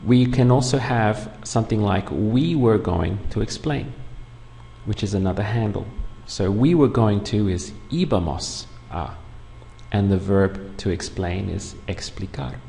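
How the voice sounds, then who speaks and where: A man with a lowish, gravelly voice teaches a beginners' language lesson, going patiently through each step. His voice rings with a long reverb, and a faint hiss sits underneath. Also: measured pace, mellow. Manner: patient, clear step-by-step explaining. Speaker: Spanish teacher. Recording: long room reverb, faint background noise.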